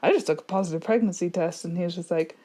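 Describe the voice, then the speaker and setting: With a lowish voice, a female podcast co-host in her thirties recounts stories in casual banter. She's animated, laughing frequently and dropping in fast asides as she goes.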